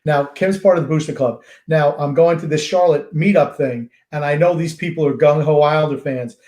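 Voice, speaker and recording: A man's voice: fairly high pitch, fairly quick, darkish tone. An older man co-hosting a podcast in casual chat, stressing words emphatically and drawing some out. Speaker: podcast co-host. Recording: roomy echo.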